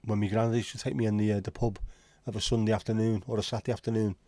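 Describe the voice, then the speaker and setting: A man's voice: fairly low pitch, flat delivery, very fast, dark tone, no echo. A man with a Liverpool accent hosting a casual livestream chat, rambling and opinionated with frequent swearing. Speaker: livestream host.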